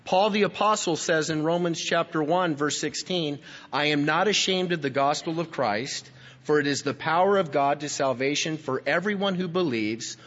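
Husky-voiced man preaching a sermon. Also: fairly high pitch, moderate pace, fairly bright tone. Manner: teaching, emphatic, addresses listeners directly. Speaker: pastor. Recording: dull, lo-fi recording in a reverberant hall.

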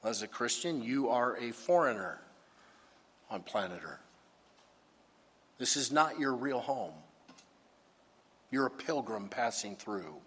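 A man delivers a sermon as pastor, pressing his points with emphatic rhetorical questions. His voice is husky and mid-pitched. It rings with the long reverb of a large hall. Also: expressive, slow pace, pauses often, fairly bright tone.

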